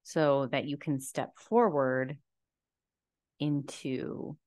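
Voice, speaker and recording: A young woman with a stuffy cold and low energy, talking to camera in a slow, reflective personal monologue with many fillers, seated indoors in a chair. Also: steady tone, no echo. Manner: slow, slumped, soft-spoken musing with many fillers. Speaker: podcast host and tarot reader.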